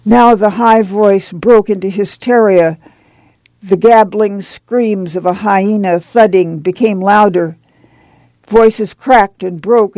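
A measured audiobook narrator with a gravelly, mellow voice. The reading is steady and unhurried, and the recording is close and dry. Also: mid-range voice, dry recording, low-quality recording.

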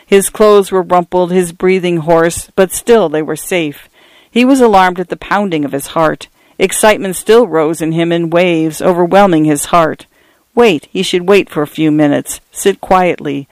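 A man reading a story aloud in a measured, even audiobook narration. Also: sits high, no room sound.

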